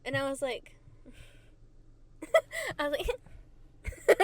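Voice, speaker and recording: A woman's voice: high voice, very animated, slow, long pauses, no room sound. A woman hosting her own podcast, chatting casually and telling rambling stories with lots of giggles and silly, self-mocking asides. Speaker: podcast host. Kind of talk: casual solo podcast chat.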